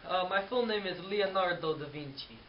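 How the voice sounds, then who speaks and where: A man's voice: high voice, moderate pace, natural voice. A teenage boy playing a vacant, dim-witted Leonardo da Vinci who hesitates and repeats himself, recorded on dull, hissy audio. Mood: dopey. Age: teens. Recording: dull lo-fi audio with clear hiss.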